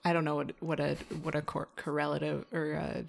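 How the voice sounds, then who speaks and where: A woman comedian chats on a podcast as a guest, in a low voice. Her jokes come out dry and offhand. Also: little pitch movement, a little fast, gravelly. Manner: dry, joking delivery. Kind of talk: casual chat.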